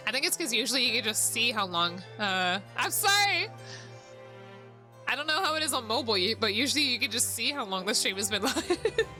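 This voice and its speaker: A woman's voice: fairly high pitch, big pitch swings, normal speed, bright, forceful tone, soft background music. A woman streamer chatting casually while playing a game, giggling and swearing freely. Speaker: VTuber streamer.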